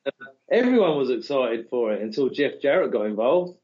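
A man's voice: medium pitch, very animated, fairly quick, a little mellow. A man with an English accent co-hosting a casual podcast in a laid-back, sardonic way. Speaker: podcast co-host. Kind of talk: casual chat. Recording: dull lo-fi audio.

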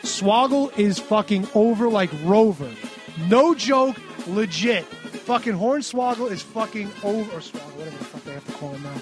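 A man's voice: high voice, lively intonation, moderate pace, over music. A man recapping a wrestling show on a podcast in a sarcastic, ranting way with lots of swearing. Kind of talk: casual profane recap.

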